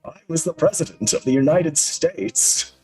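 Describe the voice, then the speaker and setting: 남자가 연기하는 거드름 피우는 늙은 대통령 유령. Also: male voice, a little high, moderate pace, dark tone, soft background music, voice pushed up, lightly acted. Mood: indignant. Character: ghost of an old male former president, self-important.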